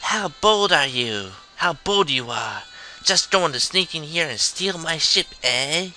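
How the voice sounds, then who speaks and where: A man's voice: on the high side, lively intonation, a little slow, bright, forceful tone, faint music behind, pitched above the performer's own voice, full character voice, low-quality recording. A man voicing a boastful male pirate captain in a campy, flamboyant put-on voice. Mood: mocking.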